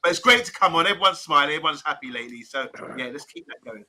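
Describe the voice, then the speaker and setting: A panelist with a very bright, sharp voice that sits a little high. He chats about his team in an upbeat, easy way on a live stream. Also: animated, very fast. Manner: upbeat and chatty. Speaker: panelist on a fan show. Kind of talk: casual live-stream chat.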